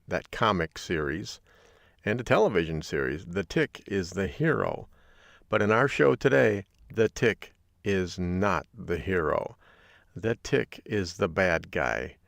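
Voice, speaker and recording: A man's voice: lowish voice, gravelly, no echo, clean studio sound. A man from Michigan hosting a podcast, talking in an upbeat, jokey, folksy way. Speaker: podcast host. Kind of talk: solo podcast talk.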